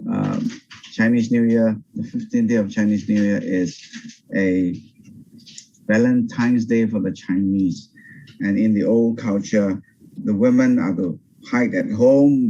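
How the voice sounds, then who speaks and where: Older pastor, dull video-call sound. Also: male voice, fairly low pitch, husky. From Singapore. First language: Teochew. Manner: animated, pauses and restarts often. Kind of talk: Bible study teaching. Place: home over video call.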